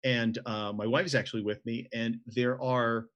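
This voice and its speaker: A middle-aged man from the southern United States, co-hosting a casual chat and telling a story with quick asides and self-corrections. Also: mid-range voice, fairly even intonation, a bit bright, dull audio. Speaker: co-host.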